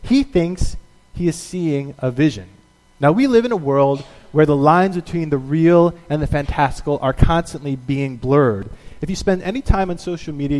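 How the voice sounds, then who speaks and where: A man preaching a sermon as a pastor, telling stories in an animated way and acting out the quotes. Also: a little high, in a large hall.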